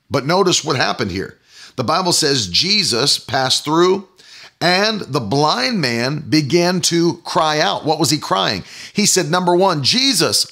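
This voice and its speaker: A man preaching a sermon, emphatic, building to loud exclamations on key phrases. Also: fairly high pitch.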